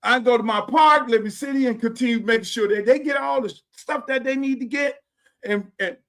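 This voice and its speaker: A man's voice: very high-pitched, a little fast, a bit bright. A man in his sixties hosting a podcast, talking in an impassioned, preachy way, repeating himself and swearing freely. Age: 60s. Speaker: podcast host. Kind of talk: casual monologue. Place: home theater room.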